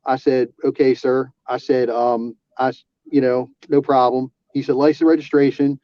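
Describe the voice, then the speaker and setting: A man, an auxiliary police officer, telling a personal story in casual talk, halting with restarts and fillers. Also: mid-range voice, little pitch movement, no room sound. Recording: dull lo-fi sound.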